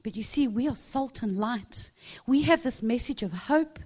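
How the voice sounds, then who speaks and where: A woman's voice: fairly high pitch, expressive, moderate pace, hardly any pauses, darkish tone. A woman preaching a sermon, telling a personal story animatedly and laughing often.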